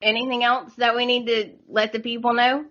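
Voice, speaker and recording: A woman hosting a casual podcast chat, talkative and quick to laugh. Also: on the high side, flat delivery, a bit bright. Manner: chatty, laughs often. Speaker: podcast host. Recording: dull lo-fi sound.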